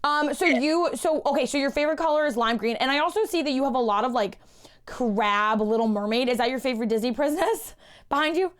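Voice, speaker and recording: A woman with a New York accent hosting a casual podcast chat, bubbly and quick to exclaim and laugh. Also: high-pitched, lively intonation, clean tone. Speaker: podcast host.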